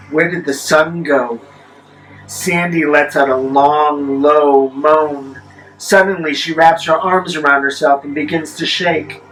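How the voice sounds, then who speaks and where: A man telling a spooky story in the first person, measured, with wry deadpan asides. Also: on the high side, low-quality recording.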